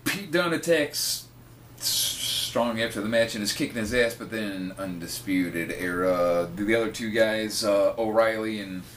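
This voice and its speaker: Dude cohosting a wrestling podcast, swears a lot, gets all hyped, bit of faint hiss. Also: male voice, lowish voice, steady tone, normal speed, a bit bright. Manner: profane, enthusiastic, laughs often. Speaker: podcast co-host. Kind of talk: casual wrestling recap chat.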